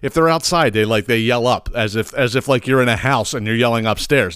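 A man's voice: medium pitch, brisk, fairly bright tone, clear, resonant tone, no echo, clean studio sound. A man hosting a podcast, ranting comically in a profane, exasperated way. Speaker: podcast host. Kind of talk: comedic rant.

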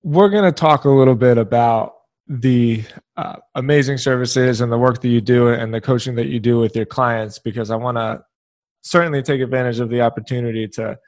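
Male host, mid pitch, easy conversational reactions. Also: steady tone, fairly quick, darkish tone, dry recording. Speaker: interview host. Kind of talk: interview talk.

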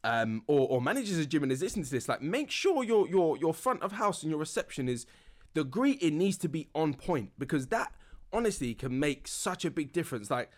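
Chatty young man, slightly high. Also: very animated. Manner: rambling, filler-heavy, quick to laugh. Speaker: podcast host. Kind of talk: relaxed solo podcast chat.

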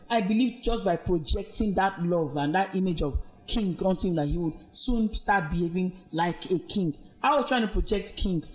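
Earnest woman with a Nigerian accent. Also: fairly low pitch. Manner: earnest, reflective storytelling with faith references. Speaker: guest, abuse survivor. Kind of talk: personal testimony in a podcast interview.

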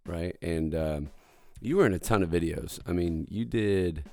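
A man's voice: deep voice, measured pace, darkish tone, no echo. A man hosting a podcast interview, chatting casually and teasing his guest with jokey asides. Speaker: podcast host.

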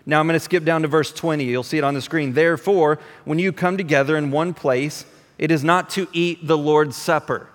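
Conversational pastor preaching in a reverberant church. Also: male voice, fairly high pitch, a little fast. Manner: conversational, animated, repeats words when restarting. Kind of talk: sermon.

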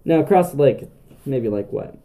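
A man's voice: medium pitch, lively intonation, moderate pace, gravelly, dark tone. A young man hosting a podcast, telling camping stories in a loose, rambling way full of filler words and restarts. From Canada. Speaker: podcast host. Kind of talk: casual storytelling monologue.

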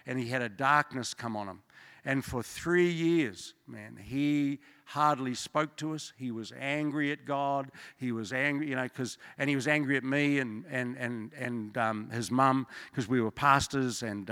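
A man's voice: mid-range voice, fairly bright tone. A middle-aged man, preaching a church sermon in an informal, joking way, with rambling asides. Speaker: guest preacher. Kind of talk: evening church sermon with testimonies. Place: church service. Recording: long church hall reverb.

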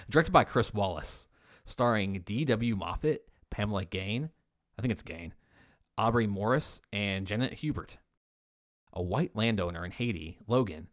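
A man's voice: on the low side, no echo, studio quality. A man co-hosting a horror podcast, chatting casually, swearing now and then and reading out the episode credits. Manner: laid-back, swears, reads out credits. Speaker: podcast co-host.

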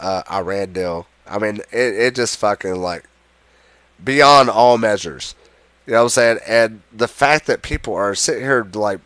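A man's voice: mid-range voice, fairly bright tone, no echo. A man in a heated, profane, sarcastic political rant to the camera.

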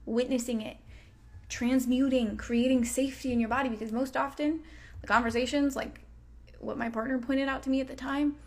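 A woman's voice: sits high, steady tone, fairly quick. A woman hosting a self-help podcast, talking casually and swearing freely. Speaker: podcast host. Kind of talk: motivational self-help talk.

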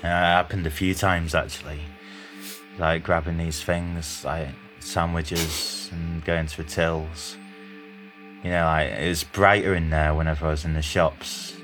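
A man's voice: sits low, flat delivery, a little slow, a bit bright, faint music behind. A man telling a rambling story in casual chat, full of fillers and hesitations.

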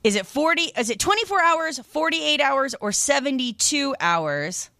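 Radio host lady, bright sharp voice, dry close studio sound, chatty and grossed out a lot. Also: high voice, normal speed, creaky, dry recording. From lived in New York. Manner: chatty, animated, exclaims in disgust. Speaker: radio shopping show host. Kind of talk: casual radio chat.

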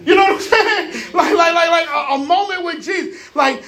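A man preaching a lively, conversational Easter sermon, often repeating words as he builds his points. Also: very high-pitched, brisk.

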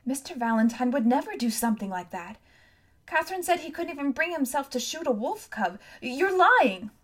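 A bewildered teenage boy from a storybook reading, put on by a woman narrator. His earnest, pleading manner pitches up sharply whenever he is upset. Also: animated, quick pace, warm tone. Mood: tearful.

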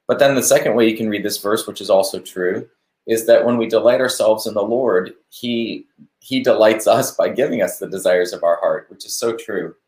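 A man's voice: lowish voice, moderate pace, echoey room. Man preaching casually on a live stream. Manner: conversational, warm-hearted preaching with asides to viewers. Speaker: pastor hosting a live stream. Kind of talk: live-streamed devotional talk.

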